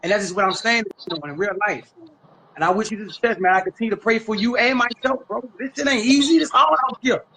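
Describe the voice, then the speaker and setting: A man from Washington, D.C., with a very high voice speaks in a candid conversation. His tone is bright and forceful. He drives each point home by repeating it, in heavy street slang. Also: fast, slight background noise, low-quality recording.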